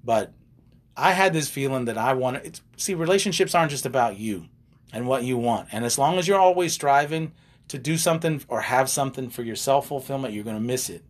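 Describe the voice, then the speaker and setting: A man's voice: medium pitch, fairly quick. An older man, a relationship coach, chatting casually and telling stories with asides and jokes. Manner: animated, wanders into side stories and jokes. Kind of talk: casual storytelling chat.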